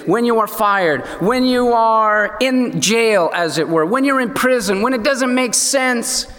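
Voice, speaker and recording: A man with a high voice preaches a sermon and tells the story with animated energy, now and then slipping into the voices of the people in it. The sound carries a long reverb, like a large church hall. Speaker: pastor.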